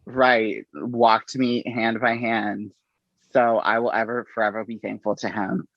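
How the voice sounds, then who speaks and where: A middle-aged man, an interview guest, telling his story in an unhurried, halting way and acting out the exchanges he quotes. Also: fairly low pitch, flat delivery, no room sound. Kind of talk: conversational storytelling. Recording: dull, slightly lo-fi audio.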